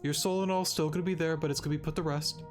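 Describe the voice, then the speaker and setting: A man's voice: a little high, fairly even intonation, rapid-fire, faint music behind, pitched above the performer's own voice, lightly acted. A man voicing a commanding female spirit who offers a deal, in a raised, coaxing voice.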